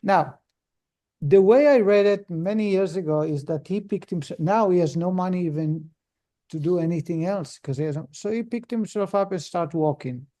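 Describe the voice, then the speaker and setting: Mellow-voiced rabbi telling a story. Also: male voice, high-pitched, moderate pace. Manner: acts out characters in the story, with frequent restarts and filler words. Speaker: rabbi teaching a Torah lesson. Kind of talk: storytelling in a lesson.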